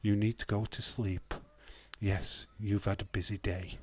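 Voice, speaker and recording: A man doing a hushed, soothing whispered role-play voice, telling a listener to go to sleep. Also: lowish voice, flat delivery, a little slow, slightly rough.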